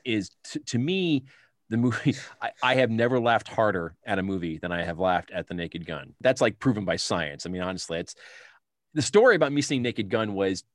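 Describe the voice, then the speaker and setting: A middle-aged man in a casual film chat, animated and laughing often as he retells scenes. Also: on the low side, dry recording, clean studio sound.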